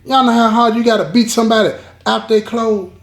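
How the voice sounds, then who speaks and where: A man's voice: very high-pitched, steady tone, brisk. A man telling a dramatic story to his viewers, emphatic and repeating key lines, talking straight to the audience. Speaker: storyteller host. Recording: roomy echo.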